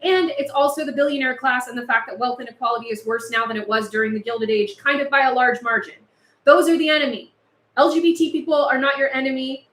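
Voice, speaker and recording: A woman with a high, fairly even, slightly bright voice talks fast while hosting a livestream, chatting casually and speaking out with passion. She's overheated in a house with no air conditioning and laughs between points. The sound is roomy.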